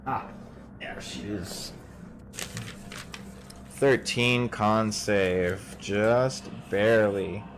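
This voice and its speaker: A man with a fairly low voice runs a tabletop game, talking in a relaxed, rambling way. He scatters fillers through his narration and drifts easily between the scene and asides to the players. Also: slight background noise. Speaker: game master.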